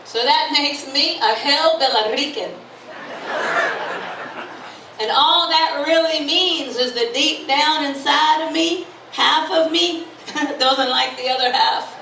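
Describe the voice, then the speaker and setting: A woman's voice: high voice, takes it slowly, gravelly. A woman from Florida performing live stand-up comedy. She is bubbly and teases the crowd with questions. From Florida, USA. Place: live stage venue with audience. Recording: echoey live room from far off. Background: audience laughter and room noise.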